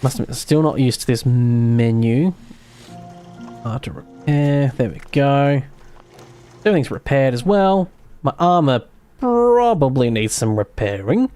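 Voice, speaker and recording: A man chats his way through a game stream, thinking aloud and poking fun at himself. His voice sits at an ordinary middle pitch. Soft music plays quietly in the background. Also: clean tone. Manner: thinks aloud, chatty and self-mocking. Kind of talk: casual gaming commentary.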